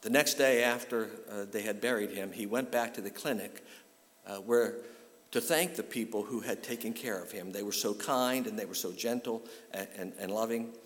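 A male pastor with a fairly low voice speaks at normal speed through a sermon, first telling a story and then building to a fervent call-and-response with his congregation. The recording has a long hall reverb.

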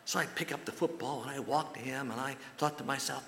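A man's voice: mid-range voice, moderate pace, creaky, a little hiss or hum. Guy preaching, folksy storyteller, church echo all around. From United States. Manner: folksy storytelling, animated when quoting others. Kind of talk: sermon with a personal story. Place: church sanctuary. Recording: roomy echo with long hall reverb.

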